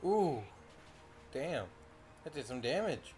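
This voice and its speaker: A man's voice: a little high, sing-song, slow pace, a little mellow, slight background noise. A young man casually commenting on his own gameplay, reacting aloud and swearing often. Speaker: gaming video host. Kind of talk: casual let's-play commentary.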